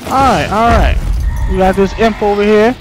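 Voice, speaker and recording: A woman doing let's play commentary, trash-talking enemies with profanity and loud whoops. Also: mid-range voice, normal speed. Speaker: gamer playing on stream. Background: game music and gunfire.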